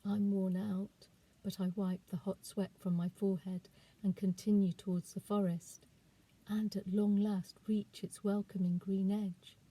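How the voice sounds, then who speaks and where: A woman, a children's author, reading aloud from her novel in a calm, expressive storytelling voice. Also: mid-range voice, measured pace, breathy edge, low-quality recording.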